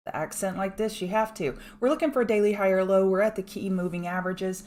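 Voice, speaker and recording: A woman hosts a live trading stream in a chatty, upbeat way. She greets her chat viewers by name and goes through chart levels in a casual, practiced tone. Her voice sits at a middle pitch for a woman. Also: fast, hardly any pauses, darkish tone. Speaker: market livestream host.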